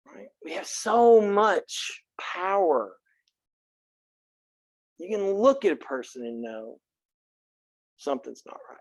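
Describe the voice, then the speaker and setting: A man's voice: high-pitched, big pitch swings, slow pace, long pauses, dry recording. Man, Texan accent, college lecturer, earnest, frank, joking, dry close sound. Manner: earnest, frank, joking, speaks directly to students. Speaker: college philosophy instructor. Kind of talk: classroom lecture. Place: classroom.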